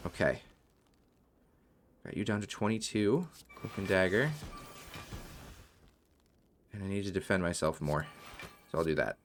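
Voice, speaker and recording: A man's voice: deep voice, measured pace, pauses often, slight background noise. A man commentating his own card game play, muttering card names and worried asides as he goes. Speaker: gaming video host. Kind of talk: gameplay commentary.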